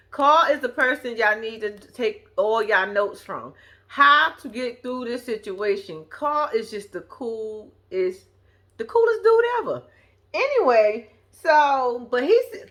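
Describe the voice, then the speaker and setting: A woman's voice: on the high side, sharp tone. A woman recapping a reality show episode in casual, profane chat, talking straight to her viewers.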